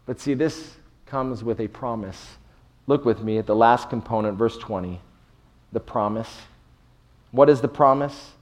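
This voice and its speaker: A middle-aged man preaches from the pulpit, pressing hard on key words and then dropping nearly to a hush. He takes his time, letting each phrase land slowly. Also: medium pitch. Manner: emphatic preaching, swinging between soft and loud. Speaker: pastor. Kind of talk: sermon.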